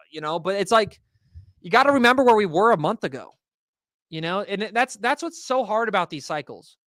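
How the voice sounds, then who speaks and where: A man's voice: high-pitched, animated, a little fast, a bit bright, no echo, clean studio sound. A man hosting a livestream, ranting casually and profanely to his chat in slangy talk. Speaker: host. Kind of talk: livestream market rant.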